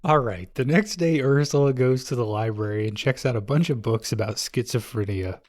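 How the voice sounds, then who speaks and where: A man's voice: mid-range voice, moderate pace, a little mellow, no echo, clean studio sound. A man on a podcast casually retelling a film's plot, laid-back and swearing freely. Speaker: podcast host recapping a film. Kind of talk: casual chat.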